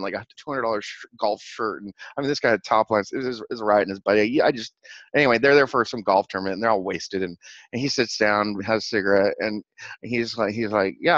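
A rambling, excitable man with a lowish voice recaps events in a casual vlog, laughing often and stumbling over repeated words. The recording is dry and somewhat dull, with a lo-fi edge. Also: dry recording. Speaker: channel host.

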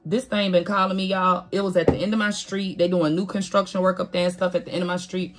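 A woman giving a casual spiritual reading to camera, animated and preachy, talking straight to her viewers with swearing and laughs. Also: fairly low pitch. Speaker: tarot reader.

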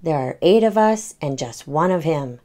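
A woman's voice: sits low, animated, moderate pace, mellow. A woman voicing a boastful, bouncy kitten boy hero in a storybook read-aloud, speaking in sing-song rhymes. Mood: eager.

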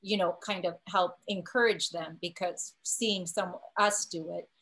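A woman, an actor, telling a story on a video call in a lively way that acts out other people's voices. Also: fairly low pitch, a little slow, low-quality recording. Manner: animated, acts out quoted voices. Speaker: actor and cast member. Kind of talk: casual storytelling on a panel.

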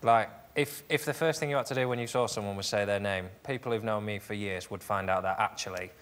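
A man's voice: fairly low pitch, fast, a bit bright. A man on a comedy panel ranting wryly about everyday irritations. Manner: grumbling, self-mocking. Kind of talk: comic observational rant. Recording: noisy TV studio.

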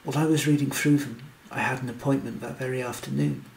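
A man reading a story aloud in steady scripted narration. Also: medium pitch, fast talker, vocal fry, a little hiss or hum, low-quality recording. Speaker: audiobook narrator.

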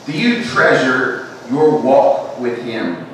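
A Southern American man delivers a church sermon, building to emphatic, raised declarations before dropping to soft, hushed lines. He is heard from a distance in a very echoey sanctuary with a faint hum of room noise. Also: mid-range voice, animated, moderate pace. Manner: rises to emphatic preaching then drops to hushed tones. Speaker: preacher.

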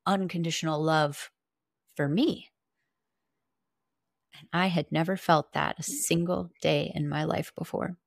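A woman's voice: low voice, gravelly, no room sound, studio quality. A woman guest on a podcast, earnestly and candidly telling a personal story, with casual swearing.

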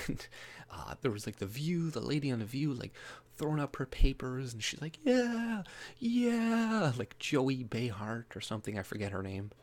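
A man giving casual, rambling commentary, often laughing and mocking, who jumps into a higher voice to mimic people he disagrees with. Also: a little fast. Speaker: political commentary vlogger.

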